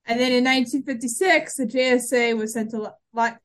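A woman co-hosting a podcast, talking in a relaxed, chatty way. Her voice sits a little high, and she often trips over her words and starts her sentences again. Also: brisk. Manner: chatty, frequent restarts and fillers. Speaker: podcast co-host. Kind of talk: casual chat recapping a TV episode.

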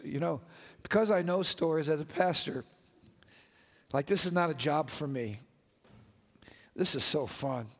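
High, gravelly-voiced man preaching passionately. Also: in a large hall. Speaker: pastor. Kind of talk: sermon. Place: church sanctuary with congregation.

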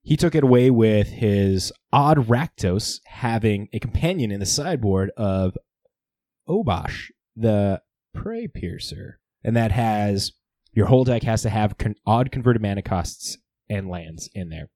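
A man's voice: on the low side, measured pace, no room sound. Guy hosting a chatty podcast, voice jumps up and down a lot, dry close mic. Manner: lively, swears and laughs often. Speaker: podcast host. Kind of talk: casual chat.

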